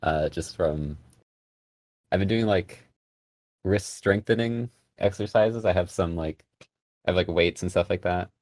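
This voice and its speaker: A man guesting on a podcast, talking casually in a soft, hesitant way with many fillers. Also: sits low, unhurried, pauses often, no echo. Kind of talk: casual chat.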